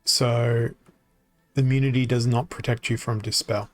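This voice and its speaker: A man streaming a card game, thinking aloud in a halting, self-mocking way, his voice tired and worn from talking. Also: mid-range voice, level tone, no room sound, soft background music. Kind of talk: casual live-stream commentary.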